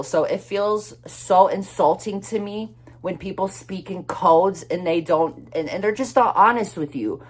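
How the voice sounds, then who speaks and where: A young man chatting through a personal story in a casual vlog, rambling and swearing freely, quick to flare up. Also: high-pitched. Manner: chatty and expressive, swears freely, flares up when retelling anger; rambling, restarts and many fillers.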